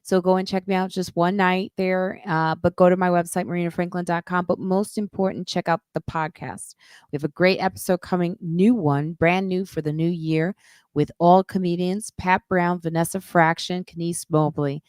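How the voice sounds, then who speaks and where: A woman's voice: lowish voice, steady tone, normal speed, a little mellow, smooth, no echo, studio quality. A middle-aged woman hosting a live podcast stream, chatting loosely and plugging shows with casual swearing. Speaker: podcast host.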